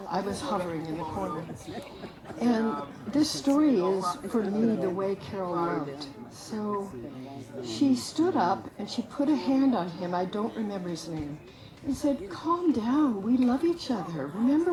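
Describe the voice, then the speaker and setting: A woman's voice: mid-range voice, rough recording. Woman telling a memorial story, crowd behind. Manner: animated, acts out quoted voices. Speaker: memorial speaker.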